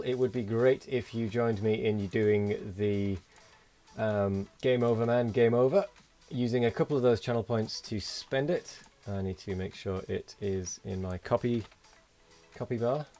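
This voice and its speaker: This is a streamer's casual chat on a late-night gaming broadcast, where he sounds worn out and meanders between thanking his audience and talking to his co-player. His voice is medium in pitch and dark in tone.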